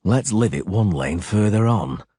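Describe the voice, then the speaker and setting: A man's voice: fairly low pitch, lively intonation, unhurried, mellow, husky, no room sound. Geralt, a man doing a terse monster hunter. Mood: dry terse. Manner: dry, clipped, sparse. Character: terse, weary adult male monster hunter. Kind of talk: audiobook character voice.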